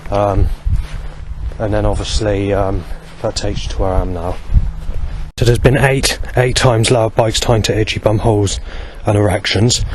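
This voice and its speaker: Rambling low-voiced man. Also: steady tone, normal speed, a little hiss or hum. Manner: rambling, with many fillers. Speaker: vlogger. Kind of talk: walking monologue. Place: outdoors on a street.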